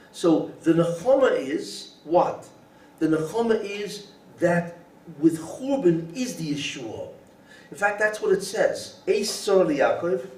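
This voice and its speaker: An animated rabbi lectures on Torah, often raising a question and then supplying the answer. He speaks in a slightly high voice. The sound is echoey and distant, with a faint hiss.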